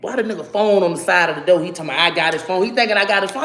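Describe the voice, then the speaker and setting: A woman's voice: lowish voice, very fast, roomy sound, slight background noise. A woman telling a story to her viewers in casual, profane vlog chat. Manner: loud animated storytelling with profanity. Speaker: vlogger.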